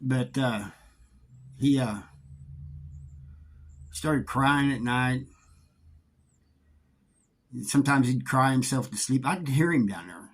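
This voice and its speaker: A middle-aged man telling a story from his time in prison in a casual, halting way, often repeating words. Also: medium pitch, expressive, breathy edge. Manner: halting, repeats words, drawling Southern-sounding grammar.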